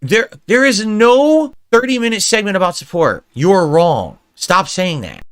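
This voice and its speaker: A man's voice: high-pitched, very animated, measured pace, clear, resonant tone. A middle-aged man on a livestream, reading viewer suggestions aloud and answering them in an irritated, mocking rant. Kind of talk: livestream commentary.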